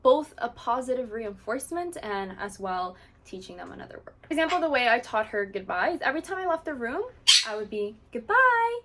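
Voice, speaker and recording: A woman hosting a casual how-to video, with a somewhat high voice. She explains at length in a chatty, easygoing way, often using "like" as filler. A faint hiss sits under her voice. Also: fairly bright tone. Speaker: parrot owner and channel host. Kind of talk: casual how-to talk to camera.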